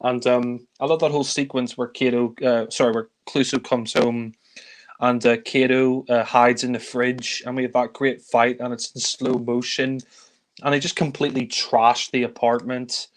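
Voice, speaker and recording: A man's voice: mid-range voice, little pitch movement, moderate pace. A man casually reviewing films, rambling through scenes with lots of fillers and frequent chuckles. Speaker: film reviewer. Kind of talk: casual film review chat.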